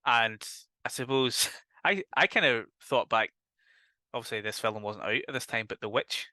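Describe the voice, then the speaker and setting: Bright, dry-sounding Northern Irish man. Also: mid-range voice, normal speed, dry recording. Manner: relaxed plot recap, swears casually. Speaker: podcast co-host. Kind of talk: casual chat.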